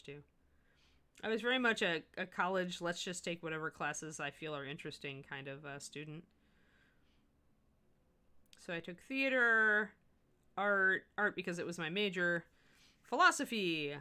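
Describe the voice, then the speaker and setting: Woman, middle-aged, painting livestream host, casual chat, animated, bright forceful voice. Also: lowish voice, normal speed, long pauses, smooth. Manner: chatty, thinks aloud, self-correcting and animated.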